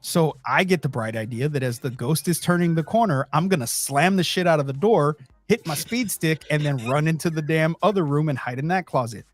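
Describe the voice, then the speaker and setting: A man hosting a podcast, telling a story in a loose, profane, animated way. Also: on the high side, a little fast, hardly any pauses, no room sound. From Texas. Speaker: podcast host. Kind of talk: casual storytelling chat.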